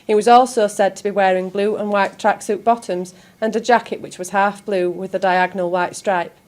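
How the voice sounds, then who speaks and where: A woman, a community TV presenter reading local news in a measured, steady way. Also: medium pitch.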